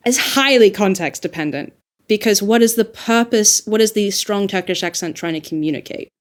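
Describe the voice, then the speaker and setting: She's a dialect coach with a medium-pitched voice, reasoning aloud in a casual podcast discussion. Lively and emphatic throughout.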